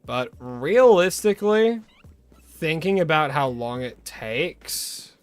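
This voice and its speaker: A man's voice: on the high side, very animated, slow pace, clean tone, no echo. A young Australian man chatting casually with his viewers as a game streamer, greeting them and rambling between tips. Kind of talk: casual live-stream chat.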